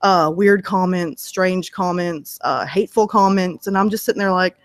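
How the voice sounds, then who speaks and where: A woman's voice: on the low side, normal speed, few pauses, no room sound, studio quality. A woman guest in a casual interview, telling stories in a chatty way and laughing often. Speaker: interview guest, story narrator.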